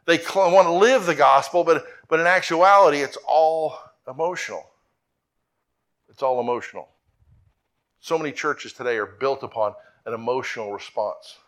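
This sermon comes from a man with a mid-range, slightly bright voice. Earnest and repetitive, the pastor keeps climbing toward emphatic high points.

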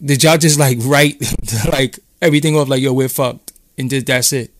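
A man's voice: medium pitch, normal speed, no echo. Profane Brooklyn man, dry close mic. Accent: New York. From Brooklyn, New York. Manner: loose, profane, rambling street talk. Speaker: podcast host. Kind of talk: casual live-stream chat.

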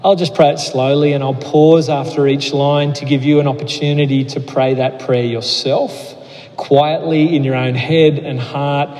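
Pastor preaching in a reverberant hall. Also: male voice, fairly high pitch, steady tone, darkish tone. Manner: earnest, repeats words as he restarts, leads a slow prayer. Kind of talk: sermon.

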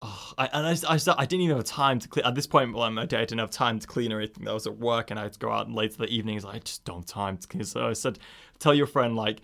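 A young man co-hosting a casual podcast, telling long, rambling stories and breaking into laughter along the way. His pitch sits in the middle for a man. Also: very fast, vocal fry, fairly bright tone. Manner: rambling storyteller, laughs often. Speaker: podcast co-host. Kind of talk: casual chat.

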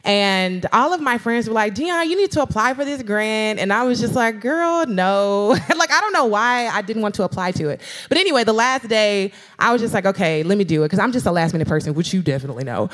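A young woman tells her own story on a live stage, casual and slangy, peppering her talk with "like" and "girl." She keeps jumping into lively voices to quote herself and others, her pitch sitting in an ordinary middle range between those bursts. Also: a little fast, hardly any pauses. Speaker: guest speaker. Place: live stage event before an audience.

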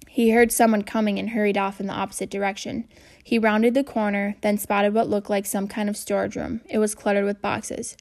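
Gravelly woman reading a children's novel. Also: medium pitch, level tone, fairly quick, darkish tone. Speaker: audiobook narrator.

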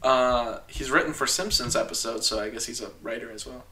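The man discussing film awards is a talkative, opinionated podcast host in casual conversation, full of fillers and laughter. His voice is medium in pitch, brisk and bright, with a forceful tone.

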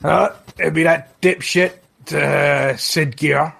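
A man voicing a rude, boisterous male innkeeper who yells and swears. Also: a little high, fairly even intonation, slow pace, gravelly, pitched above the performer's own voice, full character voice. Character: loud crude male innkeeper, gruff and rude.

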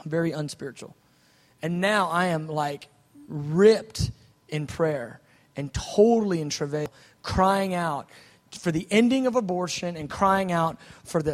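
A man preaching a sermon, telling his story with animated swings from soft asides to loud outbursts. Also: on the high side. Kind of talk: sermon testimony. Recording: long hall reverb.

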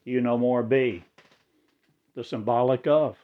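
A man delivering a rambling spiritual monologue in halting, oddly inverted phrasing. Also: mid-range voice, fairly even intonation, narrow, tinny audio.

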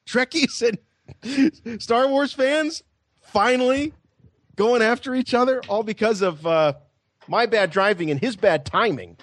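A man co-hosting a podcast, telling a story in a casual, animated way with laughs and acted-out voices. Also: very high-pitched, measured pace, no echo. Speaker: podcast co-host.

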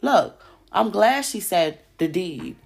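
A woman's voice: lowish voice, big pitch swings, takes it slowly, vocal fry. A woman host delivering a heated, profane monologue on her podcast, hammering rhetorical questions. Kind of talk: ranting monologue.

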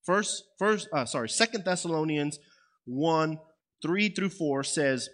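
A man's voice: a little high, lively intonation, measured pace, fairly bright tone. A man preaching a sermon in a conversational way, often checking in with "right?" and "okay?". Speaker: pastor.

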